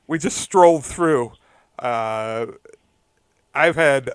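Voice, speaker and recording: Guy on a podcast rambling through a story, laughs a lot, smooth clear voice, dry sound. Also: medium pitch, no echo. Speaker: podcast co-host. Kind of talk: casual chat.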